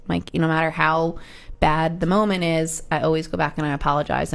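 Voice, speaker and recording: A mother and contributor talking quickly and chattily in a casual panel chat. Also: deep voice, vocal fry.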